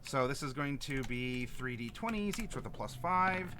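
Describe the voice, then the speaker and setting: A man's voice: medium pitch, animated, normal speed, pushed and bright, a little hiss or hum. A man running a tabletop game as game master, talking casually with many fillers and laughs.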